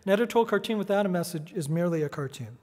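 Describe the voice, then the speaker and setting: A man's voice: high voice, lively intonation, very fast, a little mellow. Sardonic man speaking at a podium. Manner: sardonic, punchy delivery. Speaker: editorial cartoonist giving a talk. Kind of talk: prepared speech. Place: large hall. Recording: echoey hall reverb.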